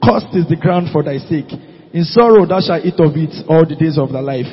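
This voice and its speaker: A man reading scripture aloud during a church service, steady and measured, with an occasional slip. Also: on the high side, husky. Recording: dull, lo-fi recording in a reverberant hall.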